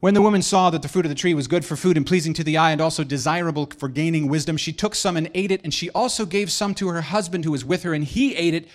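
A man preaching a sermon with emphatic delivery and playful joking asides. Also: on the high side.

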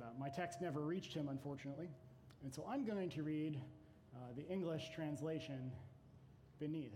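A man who teaches Bible classes giving an unhurried, reflective devotional talk to a gathering, with hesitant fillers. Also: high voice, slight background noise.

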